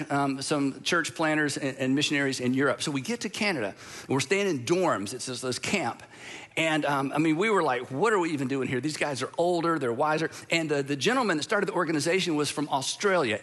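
A man's voice: a little high, a bit bright. A middle-aged man from the southern United States preaching a sermon, earnest and conversational, telling stories with frequent restarts. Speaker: pastor.

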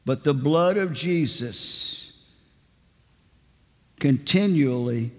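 A man preaching a sermon in a large church, telling a family story in a slow, dramatic way. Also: on the high side. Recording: long church reverb.

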